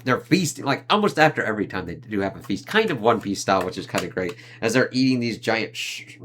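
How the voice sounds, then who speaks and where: A man's voice: lowish voice, a bit bright, a little hiss or hum. Rambling, profane male anime reviewer. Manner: rambling, profane, heavy on fillers like "like" and "uh"; quick vocal impressions of the characters he describes. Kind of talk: casual spoken review.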